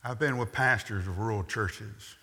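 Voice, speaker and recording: This pastor preaches a sermon in a lowish, bright, forceful voice at a normal speed, telling the story with wry asides and acting out the quotes. The recording carries the long reverb of a large hall.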